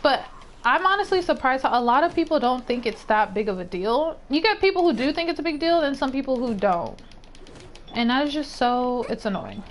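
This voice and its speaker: A woman's voice: high-pitched, brisk, a little hiss or hum. A young woman streaming a game, chatting casually, exclaiming and rambling as she plays. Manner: excitable, exclaims and rambles while gaming. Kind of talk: casual gameplay chat.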